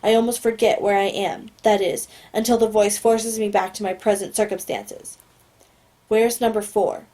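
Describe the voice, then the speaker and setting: A woman reads a first-person novel aloud with a mid-range voice. Her delivery is steady, with occasional stumbles she corrects on the spot. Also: mid-range voice, normal speed, hardly any pauses. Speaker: audiobook reader.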